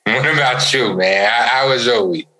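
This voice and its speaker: A man's voice: medium pitch, normal speed, low-quality recording. A young adult man co-hosting a podcast, telling stories with lots of energy and often repeating his words. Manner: animated storyteller, stammers and repeats words. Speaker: podcast co-host. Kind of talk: casual chat.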